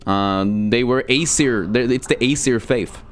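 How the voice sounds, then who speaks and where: A man's voice: medium pitch, measured pace, a little hiss or hum. A young man streaming a game, chatting casually, joking and swearing while he reads chat aloud.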